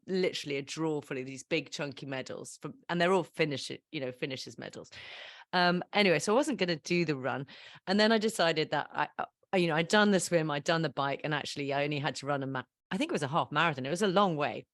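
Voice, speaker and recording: A woman in her fifties tells stories as a guest in a relaxed interview. She is animated and laughs often at her own mishaps. Her voice sits a little low and sounds close and dry. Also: dry recording. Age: 50s. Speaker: podcast guest. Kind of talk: casual storytelling interview.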